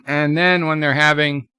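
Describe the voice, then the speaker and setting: A man's voice: a little high, fairly even intonation, unhurried, fairly bright tone, smooth, no room sound, studio quality. A man giving a casual, rambling live review of a TV episode, with many restarts, retelling scenes. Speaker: YouTube TV reviewer.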